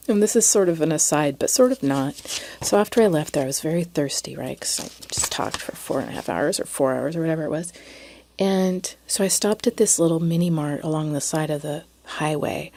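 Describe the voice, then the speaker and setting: Soft-spoken woman telling a story. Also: deep voice. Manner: hesitant, with frequent restarts and soft near-whispered asides. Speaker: podcast host. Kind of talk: personal storytelling monologue.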